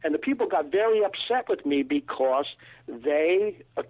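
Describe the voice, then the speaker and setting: A male guest recounting a personal encounter, storytelling with pauses and restarts. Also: a little high, expressive. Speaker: guest investigator. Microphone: phone line. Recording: tinny phone line.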